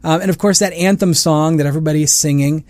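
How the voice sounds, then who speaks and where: A man's voice: fairly high pitch, steady tone, fast talker, a little mellow, no echo. A young adult man hosting a family podcast, talking casually and chattily with plenty of fillers and self-deprecating asides. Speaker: podcast host and family counselor. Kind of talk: casual monologue.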